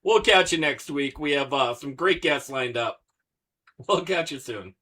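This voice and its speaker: Male podcast host, laid-back, slow, hesitant delivery, bright animated voice. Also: fairly high pitch. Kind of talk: casual chat.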